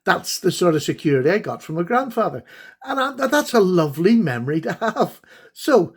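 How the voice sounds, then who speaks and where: A man's voice: high voice, big pitch swings, brisk, breathy edge. A middle-aged man hosting a casual vlog, chatting fondly and a little rambly while showing knives to the camera. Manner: chatty, rambling, fond and enthusiastic. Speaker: host, knife collector.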